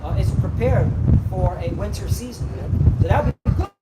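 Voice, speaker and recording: High-voiced man preaching on a noisy street. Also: normal speed. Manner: forceful and scolding, peppered with "okay?" and "all right?". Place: outdoors on a street. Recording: roomy outdoor recording, heavy street noise from a distance. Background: traffic and street ambience.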